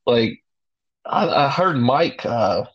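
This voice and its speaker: A young man in casual podcast chat, laid-back, with crude jokes and constant "dude". His middle-pitched voice comes through a slightly dull, lo-fi line. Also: sing-song, slow, husky. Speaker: podcast co-host. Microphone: remote call line.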